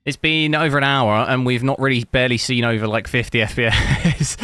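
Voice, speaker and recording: A man's voice: mid-range voice, animated, normal speed, sharp tone, no echo. A man from England with an English accent, chatting casually to viewers while streaming a game, rambling and hunting for words. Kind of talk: casual live-stream chat while gaming.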